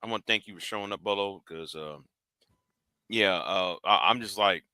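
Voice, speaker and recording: A man's voice: low-pitched, normal speed, bright, forceful tone, dry recording. A man on a panel call, talking in a laid-back, shrugging way. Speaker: panel guest. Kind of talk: casual chat.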